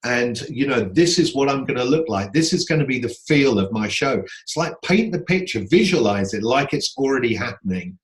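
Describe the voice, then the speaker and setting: A man's voice: medium pitch, animated, a little fast, few pauses, poor audio. A man hosting a songwriting Q&A on a video call, explaining in an earnest, casual way with everyday examples. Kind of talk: casual coaching talk.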